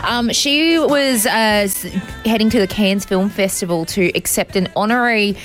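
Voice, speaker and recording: A woman's voice: medium pitch, normal speed, soft background music. A young Australian woman in her twenties co-hosting breakfast radio, chatting casually through the news with bubbly asides. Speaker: radio co-host. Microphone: studio mic.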